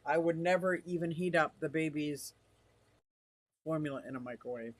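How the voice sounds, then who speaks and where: A man's voice: a little high, normal speed, long pauses, slight background noise. An older man live-streaming from his fish room, rambling casually and reading comments from the chat aloud.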